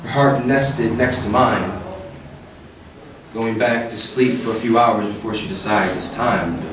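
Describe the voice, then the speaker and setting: A man reads his poem at an open mic, measured and dropping slow at key words. His voice carries a heavy echo from far off the mic. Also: on the low side, background noise. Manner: measured, slows down for emphasis. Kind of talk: poetry reading. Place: cafe stage at an open mic. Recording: very echoey cafe, distant mic.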